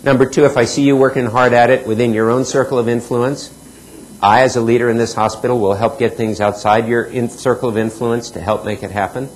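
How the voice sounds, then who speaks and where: A middle-aged man speaks at an ordinary, mid-range pitch, giving a motivational talk on healthcare. He tells stories and acts out the dialogue, sinking lower on the points he wants to land. A faint layer of background noise sits under his voice. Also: fairly even intonation, brisk, poor audio. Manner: storytelling, acts out quoted dialogue, drops pitch for emphasis. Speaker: keynote speaker.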